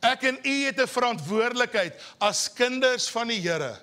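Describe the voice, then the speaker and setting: Animated South African pastor, high bright voice. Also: male voice. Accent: Afrikaans South African. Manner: animated, teasing, slows words for emphasis. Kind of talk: sermon. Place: church service.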